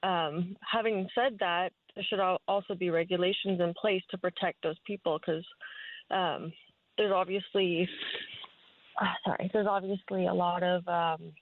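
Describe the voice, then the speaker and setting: A woman's voice: on the low side, fairly even intonation, a little slow, dry recording. Earnest woman caller on a phone line. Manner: earnest, with many fillers and restarts. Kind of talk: phone-in opinion.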